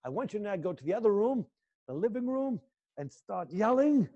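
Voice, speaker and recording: A male acting teacher guiding students through an intense exercise, swinging between low muttered lines and loud coaching. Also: big pitch swings, a little fast, highs cut off. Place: indoor room.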